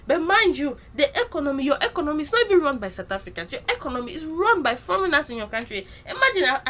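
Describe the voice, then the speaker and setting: Woman channel host, lively high voice, teasing commentary, light background noise. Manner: animated, teasing, laughs at own jokes. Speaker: YouTube commentator. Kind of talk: casual commentary vlog.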